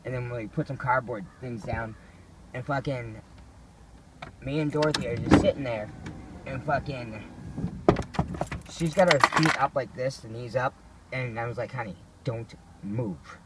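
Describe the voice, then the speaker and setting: A man's voice: mid-range voice, moderate pace, pauses often, heavy background noise. A man casually telling rambling, profanity-laced stories to a friend. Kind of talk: casual storytelling.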